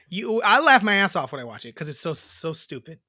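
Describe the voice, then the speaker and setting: A man co-hosts a podcast in loose, rambling chat, dropping casual swears. His voice has a pushed, bright edge. The sound is dry and close. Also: high voice, no echo. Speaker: podcast co-host.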